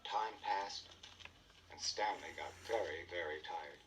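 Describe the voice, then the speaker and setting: A man narrating a children's storybook record with expressive storytelling. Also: low voice, slow pace, recorded from a distance, slight background noise, rough recording.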